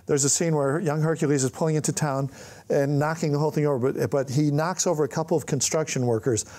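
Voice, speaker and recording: A man's voice: a little high, quick pace. An older man telling anecdotes in an on-stage conversation, acting out the voices of the people in his stories. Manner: animated storyteller, acts out quoted voices. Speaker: film writer-director, guest. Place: on stage before an audience.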